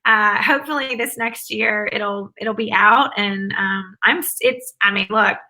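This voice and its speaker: Interviewed conversationally, a former academic advisor with a Southern US accent answers with upbeat enthusiasm in long, run-on stretches. She speaks at a medium pitch and measured pace, her voice pushed and bright, through poor audio.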